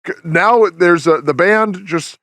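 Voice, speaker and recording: Podcast host, male, fairly high voice, loose rambling delivery, dry close mic. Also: slow pace, fairly bright tone, dry recording. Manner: rambling, many restarts and fillers. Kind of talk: casual review chat.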